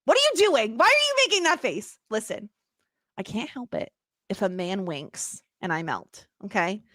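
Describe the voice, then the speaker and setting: A woman co-hosting a casual podcast chat, animated and quick to laugh, often teasing herself. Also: medium pitch, no room sound, studio quality. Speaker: podcast co-host.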